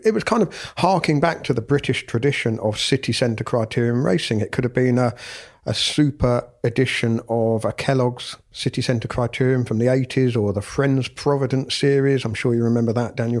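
A man's voice: medium pitch, a little mellow. Thoughtful male podcast co-host. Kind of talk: casual podcast chat.

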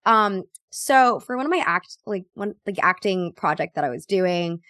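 A woman hosting a podcast in a relaxed chat, laughing often and trailing off. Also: medium pitch, moderate pace, no room sound, studio quality. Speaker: podcast host. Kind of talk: casual chat.

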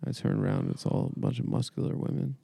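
A man co-hosting a podcast, telling rambling dream stories in a deadpan, casual way. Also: fast talker. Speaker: podcast co-host. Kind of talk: casual comedic chat. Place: small dry studio room.

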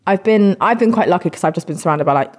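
Chatty woman, lowish voice. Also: lively intonation, fast talker. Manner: chatty, giggly, lots of fillers and restarts. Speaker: singer, podcast guest. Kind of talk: casual chat interview.

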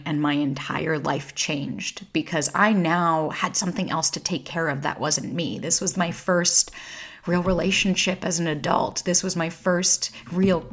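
A woman's voice: low voice, fairly bright tone. A woman in her thirties hosting a solo podcast, talking candidly and casually, swearing freely and getting emotional. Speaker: podcast host.

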